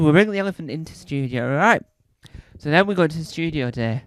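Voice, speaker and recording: A man doing stand-up, telling a rambling comic story with animated, swooping intonation. His voice sits fairly high and comes through smooth and resonant. The sound is close and dry. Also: fast talker, no echo. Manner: animated, rambling, acts out bits. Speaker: stand-up comedian. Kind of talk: comedic storytelling monologue.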